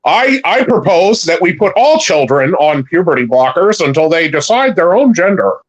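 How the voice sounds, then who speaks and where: A male caller putting on a smug, preachy caricature of a woke streamer, sarcastic and halting with many uhs. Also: fairly high pitch, very animated, poor audio. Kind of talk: mocking impression on a livestream.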